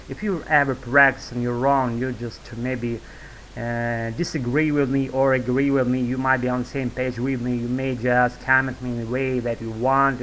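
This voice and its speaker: Casting: Russian-accented man, monotone wordy vlog ramble, light hiss. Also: mid-range voice, poor audio. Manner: wordy, loose, filler-heavy, restarts often. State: sore throat. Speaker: YouTube English-learning vlogger. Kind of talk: rambling monologue to camera.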